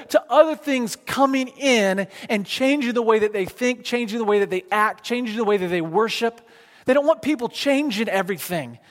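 A man preaching a sermon, teaching from a map in a conversational, animated way, with frequent fillers and restarts. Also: high-pitched. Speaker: pastor. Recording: long hall reverb.

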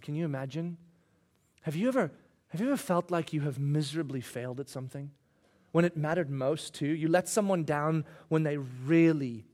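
High-voiced, animated preacher. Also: male voice. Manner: animated storytelling, rhetorical questions, acted quotes. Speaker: pastor. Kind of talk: sermon.

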